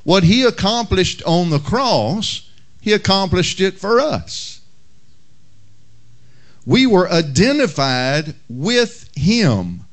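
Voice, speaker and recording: A male pastor praying and preaching a sermon in a measured, unhurried way, with occasional fillers. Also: high-pitched, big pitch swings. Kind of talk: sermon with prayer and humorous story.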